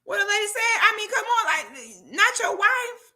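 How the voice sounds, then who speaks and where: A woman's voice: extremely high pitch, sing-song, moderate pace, bright, forceful tone. A woman vlogger who talks emphatically and preachily, checking in with "okay?" as she makes her points. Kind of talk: commentary vlog.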